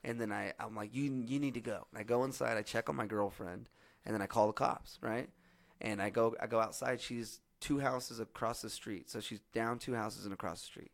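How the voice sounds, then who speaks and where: A hoarse young man hosting a podcast, telling a long story in casual, profane chat with lots of fillers. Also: fairly low pitch, brisk, no echo. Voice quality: husky. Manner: profane, rambling, animated storytelling with many fillers. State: hoarse from yelling. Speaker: podcast host.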